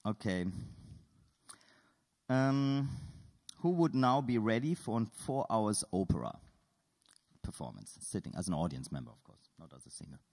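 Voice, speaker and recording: A man's voice: fairly low pitch, animated, normal speed, gravelly, pauses often, darkish tone, big-room sound. A man giving a lecture at an art school, playfully polling the audience with show-of-hands questions and dry humor.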